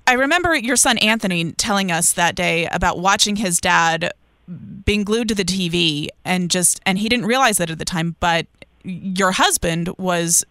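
A woman interviewer asking gentle, sympathetic questions. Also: fairly low pitch, moderate pace, no echo.

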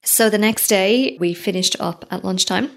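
A woman's voice: medium pitch, normal speed, gravelly. A woman hosting a solo podcast, speaking candidly and effusively and swearing casually. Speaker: podcast host.

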